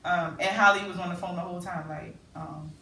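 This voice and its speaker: A woman's voice: on the low side, fairly even intonation, a little fast, sharp tone, slight background noise. A woman in casual conversation telling an emotional personal story of loss. She reenacts her own pleading and the words of the people around her. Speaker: sister sharing a story. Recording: echoey room, mic at a distance.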